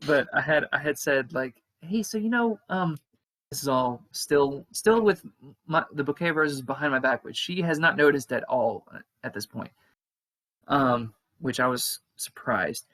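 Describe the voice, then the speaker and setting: A man's voice: mid-range voice, normal speed, a bit bright, rough recording. A young man telling a long casual story, with many fillers and restarts. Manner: chatty, rambling with many fillers and restarts, acts out quoted voices. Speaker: podcast co-host.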